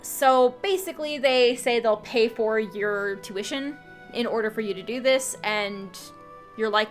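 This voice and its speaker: A woman's voice: a little high, unhurried, faint music behind. A woman hosting a game channel, reviewing a game ending in a casual, chatty way with lots of fillers.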